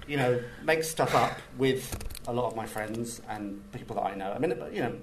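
A man's voice: medium pitch, moderate pace, recorded from a distance, a little hiss or hum, rough recording. A man, a screenwriter, talking in an interview in a rambling, wry, hesitant way.

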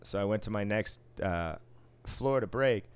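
Low-voiced man, smooth tone, profane wry storyteller, casual chat. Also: a little slow. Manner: profane, wry, acts out quoted exchanges. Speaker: casino floor supervisor.

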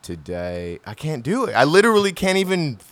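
A man's voice: high-pitched, sing-song, quick pace, no echo. American man joking on a podcast. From United States. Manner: loose, joking, swearing, half-rapping at times. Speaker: podcast co-host. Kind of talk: casual chat.

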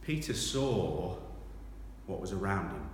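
A man delivers a sermon at an unhurried, deliberate pace, swelling to loud, dramatic scripture readings before settling into quieter reflection. He is recorded from a distance in a large church hall, with a heavy wash of echo and a faint hum of room noise. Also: deep voice, expressive. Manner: slow, emphatic preaching that rises to loud dramatic readings. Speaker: pastor. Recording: echoey hall from far off.

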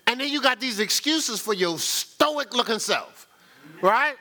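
A male pastor preaches a sermon in a loose, conversational style, his very high voice bright and forceful. He speaks at a measured pace with lots of expression, drawing the crowd into call-and-response by repeatedly asking "right?"

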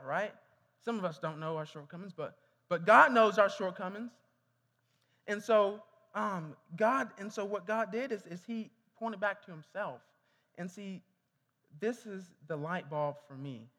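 A man preaches in a church hall, his voice high and bright. He restarts and repeats phrases often and calls on the congregation to say things back. The hall gives a long reverb. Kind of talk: sermon.

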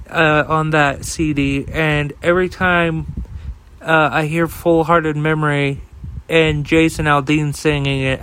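A man's voice: on the high side, fairly bright tone, a little hiss or hum, rough recording. A man hosting a podcast alone, ranting in a heated, profane way, with fillers and repeated starts. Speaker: podcast host. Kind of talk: casual solo rant.

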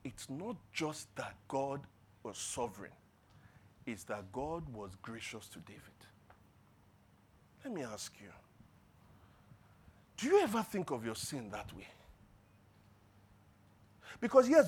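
A man preaching a sermon in church, asking rhetorical questions and building to loud emphatic peaks before dropping low. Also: breathy edge. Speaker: pastor.

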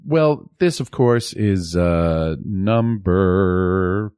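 A man's voice: deep voice, extremely slow, a little mellow, clean tone, no echo. Man co-hosting a casual podcast, dry sound. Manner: rambling with frequent uh fillers and restarts. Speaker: podcast co-host. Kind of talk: casual movie podcast chat.

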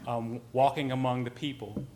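Male author, lecture storytelling, animated and conversational. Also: medium pitch, normal speed. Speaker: author giving a talk.

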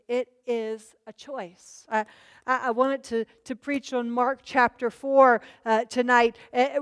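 A woman preaching a sermon, emphatic, swinging between loud declarations and soft low asides.

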